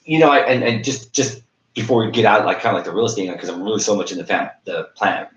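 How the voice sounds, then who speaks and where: Low-voiced male podcast host, echoey. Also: fast talker. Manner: animated, stumbling restarts, acts out other people's talk. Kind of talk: casual interview conversation. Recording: echoey room, dull lo-fi sound.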